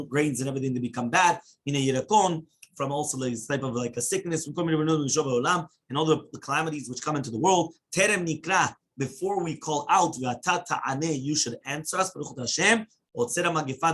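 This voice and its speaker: A man's voice: on the high side, slight background noise. A male rabbi teaching a Talmud class in English, rattling off Hebrew quotations and translating them, with frequent "right?" and "yeah?" check-ins. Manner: animated, questioning asides like "right?" and "yeah?"; chants Hebrew quotes rapidly.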